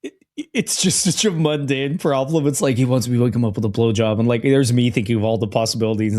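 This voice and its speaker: A man's voice: mid-range voice, fast talker, a little mellow. A man co-hosting a podcast, chatting casually and riffing amused jokey advice. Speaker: podcast co-host. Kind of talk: casual chat.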